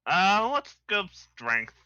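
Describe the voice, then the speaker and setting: Crisp bright-voiced man playing a tabletop game. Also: high-pitched, big pitch swings, takes it slowly, no echo, dull audio. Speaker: player. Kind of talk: casual tabletop game play.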